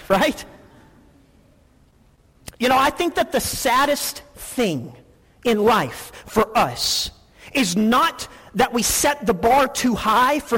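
High-voiced husky man preaching in a hall. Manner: storytelling, animated, repeats words when excited. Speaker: pastor. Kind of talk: sermon.

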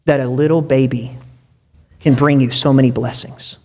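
A man's voice: mid-range voice, steady tone, normal speed, darkish tone, in a large hall, slight background noise. A young man preaching a sermon, chatty and direct, asking his listeners questions. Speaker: pastor. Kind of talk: sermon with personal stories.

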